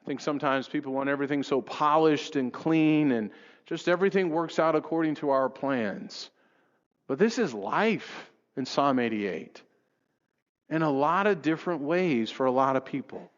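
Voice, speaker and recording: Impassioned preacher in an echoing hall. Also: male voice, animated, moderate pace. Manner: impassioned, rises high reading scripture aloud. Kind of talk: sermon. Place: church sanctuary. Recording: dull lo-fi recording in a reverberant hall. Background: long church reverb.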